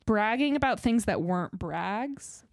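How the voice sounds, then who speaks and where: A young woman, co-hosting a podcast and telling a dating story in a casual, animated way. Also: mid-range voice, unhurried, gravelly, no room sound, clean studio sound. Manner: animated storytelling, frequent laughs and "like". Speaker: podcast co-host.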